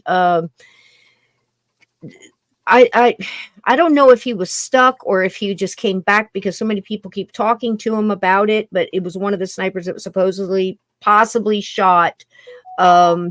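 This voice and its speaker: A woman's voice: mid-range voice, steady tone, moderate pace, no echo. A woman hosting a podcast in casual conversation, chatty and rambling, often tripping over her words. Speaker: podcast host.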